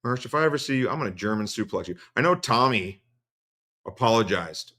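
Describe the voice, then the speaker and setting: A man's voice: lowish voice, expressive, a little fast, sharp tone. A man hosting a stream, giving profane, sarcastic commentary and laughing often. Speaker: streamer host. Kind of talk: casual mocking commentary.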